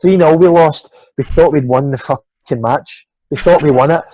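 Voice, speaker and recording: Scottish man telling a lively story. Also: on the high side, normal speed, no room sound. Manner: animated anecdotes, swears freely, acts out quoted voices. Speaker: swimming coach, guest. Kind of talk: casual storytelling interview.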